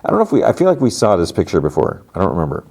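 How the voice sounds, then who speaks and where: A deep, creaky, darkish male voice races along with huge swings in pitch. He's a podcast host casually recapping a TV episode in a rambling way, packing in "like" and performing the characters' lines.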